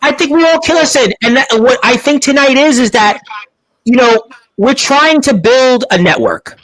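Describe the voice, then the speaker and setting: A man with a strained voice hosting a heated wrestling panel chat, smoothing things over while others talk over him. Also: very high voice, animated, normal speed, fairly bright tone, poor audio.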